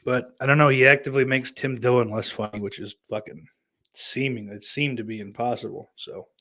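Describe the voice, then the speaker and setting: His medium-pitched voice is steady, fairly quick and sharp-edged as he hosts a podcast. The Southern-accented New Yorker works through listener comments, riffing with profanity, sarcasm and plenty of rambling.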